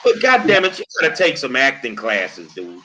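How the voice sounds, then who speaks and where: Profane, bright-voiced male talk host. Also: mid-range voice, huge pitch swings, normal speed, a little hiss or hum. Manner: blunt, profane, slangy trash talk. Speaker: show host. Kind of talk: casual political talk show banter.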